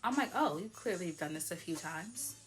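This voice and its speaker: With faint music in the background, a slightly wine-tipsy young female vlogger shares a personal anecdote in a brisk, animated, lowish voice. She's chatty, laughs a lot, and leans heavily on "like."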